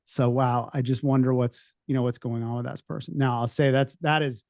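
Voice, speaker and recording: A man on a podcast panel who talks things through slowly, with many restarts and asides. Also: medium pitch, level tone, vocal fry, darkish tone, no room sound, clean studio sound. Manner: reflective, rambling with restarts. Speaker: veterinary practice owner and podcast panelist. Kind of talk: casual panel discussion.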